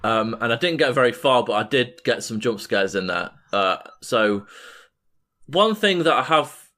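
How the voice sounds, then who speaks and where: A man's voice: mid-range voice, expressive, unhurried, sharp tone. Man, podcast co-host, mid-range voice, rambling, filler-heavy, swears, casual chat.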